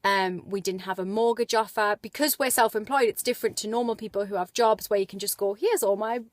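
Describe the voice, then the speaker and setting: A woman vlogger chats through a casual motivational video, animated and full of fillers. Her voice is medium-pitched and fairly quick, recorded dry indoors as the light fades.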